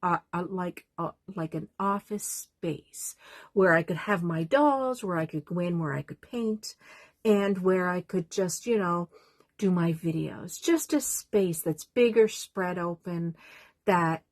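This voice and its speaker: A woman's voice: on the low side, slow, dry recording. An older woman talking to her camera in a small doll room at home, rambling and emotional, often losing her train of thought. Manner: rambling, emotional, easily sidetracked. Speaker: vlogger. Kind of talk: casual talk to camera.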